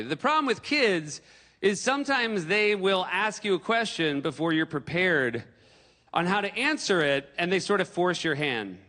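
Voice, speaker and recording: Animated male stand-up comedian. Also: a little high, big-room sound. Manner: animated storytelling with acted quotes.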